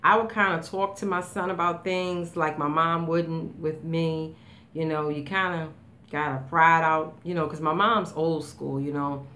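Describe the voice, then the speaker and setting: A woman in her fifties talking in a casual vlog, emotional and rambling, with many fillers and halting restarts. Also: low voice, fairly even intonation, bright, forceful tone. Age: 50s. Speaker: vlogger. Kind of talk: casual tag video, answering questions.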